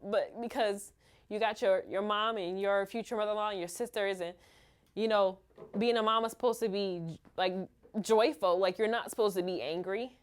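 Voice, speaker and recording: A woman, a mother, candidly telling her own story in a halting, open way full of fillers. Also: mid-range voice, steady tone. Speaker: mother sharing her experience.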